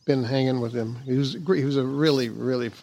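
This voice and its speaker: An older man, a guest on an interview show, talking casually and haltingly, with many fillers, restarts and chuckles. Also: mid-range voice, creaky, a little mellow. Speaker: guest, jazz bassist and former actor.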